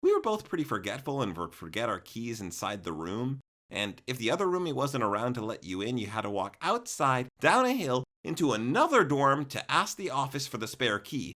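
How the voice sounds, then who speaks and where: A young man, narrating a comic storytime in an animated, exaggerated way with jokey asides. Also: medium pitch, a little fast, few pauses.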